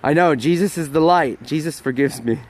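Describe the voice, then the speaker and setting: A New York man chatting to viewers on a live stream, his voice pitched a touch high. He talks into a phone held in his hand while walking around a snowy street outdoors, and he sounds cold. Faint street noise hums behind him. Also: moderate pace. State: cold, freezing. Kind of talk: casual live-stream chat.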